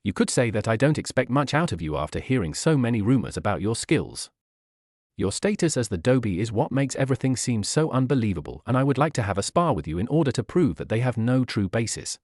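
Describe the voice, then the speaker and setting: A man's voice: mid-range voice, very animated, a little fast, darkish tone, no room sound, clean studio sound. A man reading aloud as a haughty, arrogant teenage boy prodigy in a fan story. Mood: sneering. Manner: sneering, condescending.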